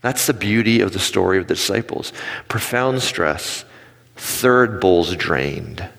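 A low-voiced man in his forties delivers a sermon from a stage, his words trailing off into a long hall reverb. He tells personal stories and acts out the people in them with lively energy. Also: measured pace, vocal fry. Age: 40s. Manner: animated storytelling with acted-out quotes. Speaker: pastor.

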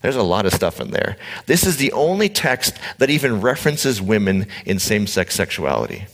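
A man preaching a conversational sermon, animated, blunt and joking with his congregation. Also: lowish voice, brisk. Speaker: pastor. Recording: echoey hall reverb.

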